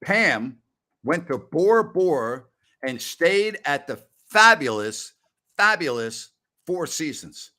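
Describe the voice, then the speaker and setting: A middle-aged man hosting a sports talk stream speaks slowly in a fairly high-pitched, very animated voice. He chats casually and blusterously, rambling along and erupting into loud mock rants.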